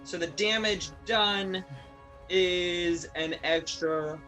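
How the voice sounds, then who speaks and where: A woman's voice: fairly low pitch, very slow, a bit bright, faint music behind. A woman playing in a tabletop game, thinking aloud over her dice rolls and repeating herself. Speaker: player. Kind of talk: casual tabletop game talk.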